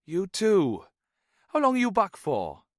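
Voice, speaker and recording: Casting: a man playing a boozy fifty-something Welshman, high and lilting, in a dry booth. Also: wildly swooping pitch, dry recording, heavily acted. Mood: jovial. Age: 50s. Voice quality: lilting, slow after drinks. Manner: hearty, chatty.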